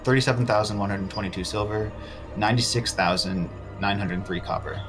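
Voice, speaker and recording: A man narrating as game master, listing loot and describing scenes in a measured way. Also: lowish voice, steady tone, music in the background.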